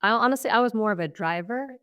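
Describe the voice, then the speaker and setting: A woman's voice: a little high, quick pace, fairly bright tone, smooth. A woman in her thirties from Syria, a guest on an interview podcast, thoughtfully recounting her past in a casual, reflective way full of fillers. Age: 30s. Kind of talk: personal testimony in conversation.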